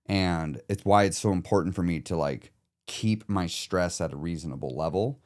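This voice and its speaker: A man's voice: sits low, moderate pace, a little mellow. A man who coaches clients through emotional eating, talking candidly and reflectively in a casual podcast chat, now and then swearing.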